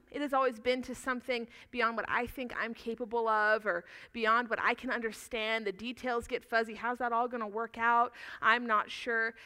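A woman pastor with a slightly high voice preaches a sermon earnestly and animatedly, telling stories and putting questions to the congregation.

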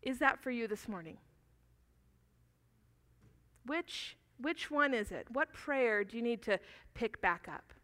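A woman pastor preaching a sermon, earnest and animated, telling stories and asking the congregation questions. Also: on the high side, slow pace, pauses often.

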